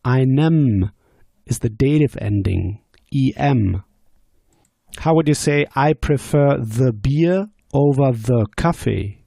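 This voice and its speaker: A man teaching German grammar on a podcast, slowly explaining and asking quiz questions. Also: medium pitch, animated, creaky, mellow, dry recording, studio quality. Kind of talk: podcast language lesson.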